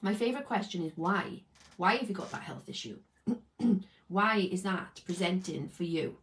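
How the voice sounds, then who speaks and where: A woman's voice: lowish voice, animated, moderate pace, fairly bright tone, low-quality recording. A woman, a healing practitioner and coach, chatting casually to camera and often checking in with "okay?". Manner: chatty, explains with lots of "okay?" tags.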